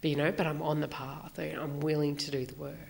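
A woman sharing her personal story at a recovery meeting, reflective and halting, with many fillers. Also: sits low, level tone, gravelly, darkish tone.

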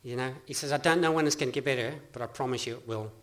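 Rapid-fire and fairly bright, a medium-pitched male voice belongs to a middle-aged Australian man recounting his recovery at a meeting. He rambles earnestly, with frequent restarts and bursts of laughter.

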